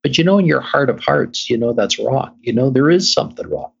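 A man's voice: mid-range voice, expressive, fairly quick, vocal fry, breathy edge. A middle-aged man, a guest on an interview show, telling his story emphatically and repeating phrases for effect. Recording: dull lo-fi recording.

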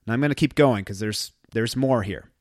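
A middle-aged man talks earnestly in a reflective podcast monologue, reading a list of phrases aloud one after another. His voice sits at an ordinary pitch, and the recording is dry and close with no room sound. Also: normal speed, darkish tone, dry recording. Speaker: parenting podcast host.

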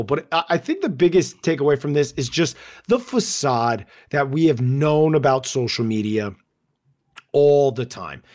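A man co-hosting a casual podcast, telling stories in an animated way and acting out what people said. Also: medium pitch. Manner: animated storyteller, acts out quotes in a raised voice. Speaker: podcast co-host.

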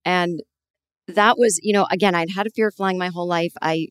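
A woman in her forties hosting a podcast, telling a long personal story in a rambling, animated way with many restarts. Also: fairly low pitch, fairly quick, smooth, no room sound, clean studio sound. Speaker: podcast host. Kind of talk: conversational interview.

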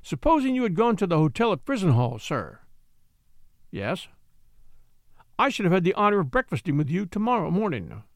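Sly old house steward, folksy and scolding, lively rise and fall, dry close sound , read by a man. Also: high voice, normal speed, long pauses, dry recording.

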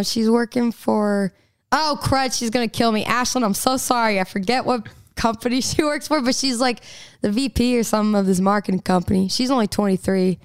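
Bubbly young woman with a smooth voice. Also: fairly high pitch, no room sound. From Texas. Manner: bubbly, chatty, laughs often, rambling restarts. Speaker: singer-songwriter guest. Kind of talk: casual radio interview chat.

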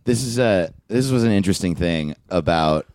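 A man's voice: low-pitched, lively intonation, moderate pace, a little mellow, no echo, clean studio sound. A man casually telling a story on a podcast, laughing often. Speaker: podcast co-host. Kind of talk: casual chat.

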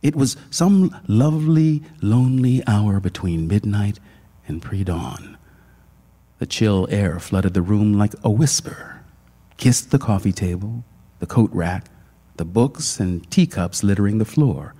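A man narrating a literary short story in a hushed, dramatic manner. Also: lowish voice, expressive, a little slow.

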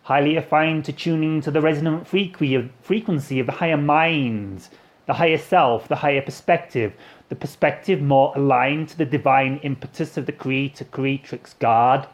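A man's voice: fairly high pitch, moderate pace, natural voice. A man channeling the alien Tahini, odd accent. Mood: solemn. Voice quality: odd put-on foreign-sounding accent, mispronounced words. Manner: rambling, repetitive cosmic incantation. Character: solemn alien messenger Tahini, male, grandiose. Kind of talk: channeling session.

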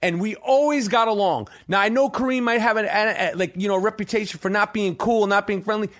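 Excitable profane man. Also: high-pitched, brisk. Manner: profane, excitable, rambling with many restarts. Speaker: podcast host. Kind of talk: casual storytelling monologue.

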